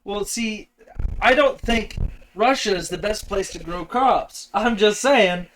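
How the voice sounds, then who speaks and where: A young man hosting a casual podcast, sarcastic and crude, with a deadpan delivery. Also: high voice, takes it slowly, a little hiss or hum, low-quality recording. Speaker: podcast host. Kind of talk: casual joking chat.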